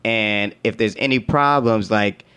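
A man's voice: on the low side, measured pace, smooth. Guy telling a wild work story, laughing a lot, slangy and cussing, acts out everybody's lines. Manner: animated, laughs often, acts out quotes; profane slang-heavy talk. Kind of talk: casual storytelling.

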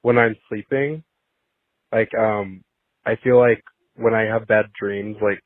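A man's voice: lowish voice, fairly even intonation, slow, no room sound. A man leaving a call-in voicemail, rambling and filling his talk with "like". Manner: rambling, heavy use of filler "like". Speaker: caller. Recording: tinny phone line.

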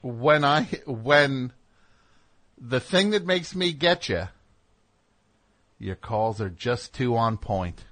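A man hosting a call-in radio show, teasing a caller in excitable, triumphant banter. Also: mid-range voice, takes it slowly, long pauses, dry recording.

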